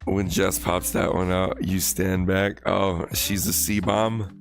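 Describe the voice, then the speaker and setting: A man's voice: deep voice, level tone, slow pace, creaky, faint music behind. An American man chatting casually and profanely with viewers on his live stream while he plays a game, rambling as he talks. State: recovering from illness.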